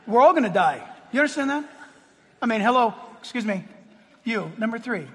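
A man preaching a sermon in an animated way, firing rhetorical questions at the congregation in a church. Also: very high voice, a little fast, breathy edge. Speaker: pastor. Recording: long reverb of a large hall.

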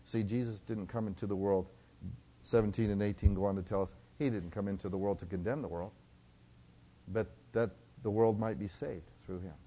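A male preacher giving a sermon, swinging between loud exhortation and hushed tones and slowing down to read scripture. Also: on the low side, fairly even intonation, husky.

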